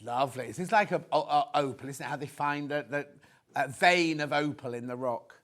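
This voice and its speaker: A man's voice: a little high, brisk, a bit bright. A middle-aged man hosting a live shopping show, chatting and joking as he rambles into anecdotes between prices. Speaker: shopping channel presenter.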